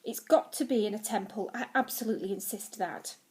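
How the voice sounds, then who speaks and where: A woman's voice: medium pitch, a little fast, darkish tone, natural voice. A woman voicing a sulky, vain male Greek god who talks in a huffy, demanding way. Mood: boastful.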